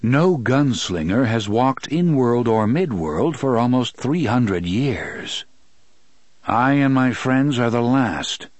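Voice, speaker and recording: A man voicing a playful, sinister talking train machine that speaks in a slow, booming, leisurely drawl. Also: expressive, a little mellow, no echo.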